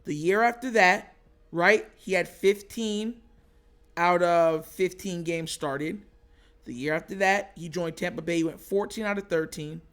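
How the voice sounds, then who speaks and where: A man hosting a casual sports commentary show, excitable and animated, laughing often. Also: high voice, unhurried, clear, resonant tone.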